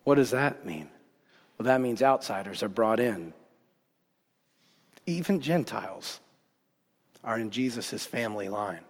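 A man preaching a sermon as pastor, telling the story in a casual, animated way with bursts of excitement. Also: on the low side, a little slow, long pauses. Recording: long hall reverb.

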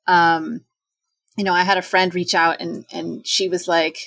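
A woman in her forties in casual talk, chatty and animated, acting out quoted voices with sudden jumps in pitch. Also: measured pace, creaky, no room sound. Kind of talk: casual talk on self-doubt.

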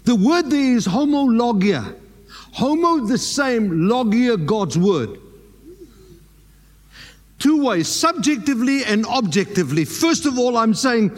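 A man's voice: very high-pitched, big pitch swings, unhurried, long reverb tail. A South African man preaching a sermon as pastor, emphatic and dropping in Afrikaans words.

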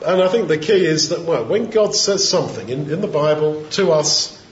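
A man's voice: fairly high pitch, a little hiss or hum. Man teaching scripture in an echoey room. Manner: reflective, conversational, with fillers and pauses. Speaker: Bible teacher. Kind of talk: informal Bible teaching. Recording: roomy, dull lo-fi sound.

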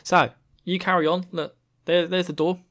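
Tough veteran warrior, gleeful and swaggering, a bit raised in pitch, as a man puts him on. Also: little pitch movement, normal speed, a bit bright.

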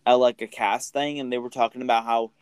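A man co-hosting a podcast who recaps a film's plot in a loose, rambling way, full of fillers and restarts. His voice is smooth and clear, at a middling pitch, and the sound is dry and close. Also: little pitch movement, fast talker, no echo, low-quality recording. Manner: rambling, filler-heavy storytelling. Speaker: podcast co-host.

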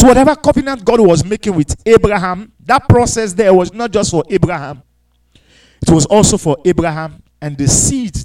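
A pastor with a high-pitched, expressive voice preaches a sermon at normal speed, reading scripture aloud and interrupting himself with hallelujahs. He poses questions to the congregation and repeats phrases. The recording quality is low.

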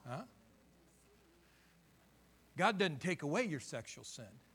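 A man's voice: on the high side, big pitch swings, slow pace, a bit bright, breathy edge. A middle-aged man preaching a sermon as pastor, building to fervent emphasis.

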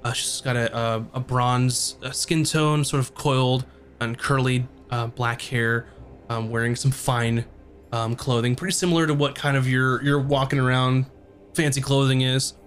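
A man narrating as game master, halting with frequent ums. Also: medium pitch, fairly even intonation, soft background music. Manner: hesitant, lots of ums.

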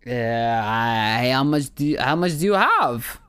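A man voicing a bumbling French professor with a put-on French accent, halting and full of uhs. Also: mid-range voice, expressive, fairly bright tone, clear, resonant tone, dry recording. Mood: hesitant.

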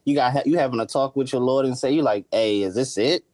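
A man's voice: medium pitch, a little fast, darkish tone. A man co-hosting a casual podcast, joking by quoting his own worried thoughts. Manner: comic, quotes his own inner thoughts. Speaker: podcast co-host. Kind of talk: casual chat.

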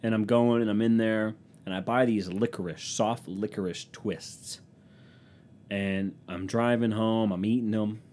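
A man's voice: lowish voice, steady tone, measured pace, a little mellow, slight background noise. A man hosting a podcast, telling rambling, self-mocking stories in a casual, profane monologue into a microphone. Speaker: podcast host.

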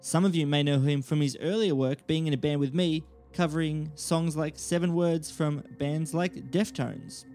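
A man co-hosting a comedy podcast, animated and mock-grandiose, with casual swearing. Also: on the high side, moderate pace, few pauses, soft background music. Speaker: podcast co-host.

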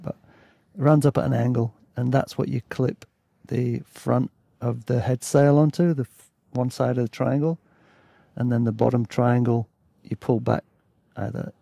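A man's voice: mid-range voice, creaky, dark tone, breathy edge, dry recording, studio quality. A man reading his own travel memoir aloud in a laid-back, chatty way, breaking off for asides and self-corrections. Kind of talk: casual story reading.

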